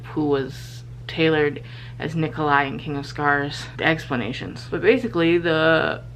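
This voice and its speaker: Excitable young woman gushing late at night. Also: low-pitched, measured pace, slight background noise, poor audio. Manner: gushing, excitable, swears freely. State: tired, up very late. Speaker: book vlogger. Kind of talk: late-night reading vlog to camera. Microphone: handheld camera.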